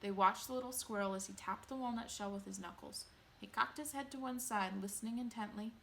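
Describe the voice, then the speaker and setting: Woman storyteller for a bedtime reading, lively and expressive, bright voice. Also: mid-range voice, a little fast, vocal fry, a little hiss or hum.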